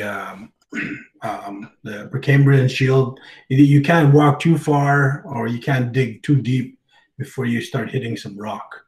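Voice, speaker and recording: A man giving an informal presentation, speaking haltingly with many fillers, restarts and throat clearing. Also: mid-range voice, a little mellow, roomy sound, low-quality recording. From Canada. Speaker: guest speaker on language revitalization.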